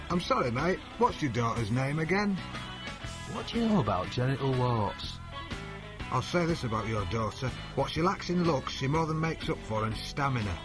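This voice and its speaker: A cocky, lewd young lout, played by a man whose voice bounces around a lot. He sounds a little set back from the mic, with guitar music playing clearly behind him in a comedy sketch. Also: on the high side. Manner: cheeky, lewd, brash. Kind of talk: comedy one-liners over music.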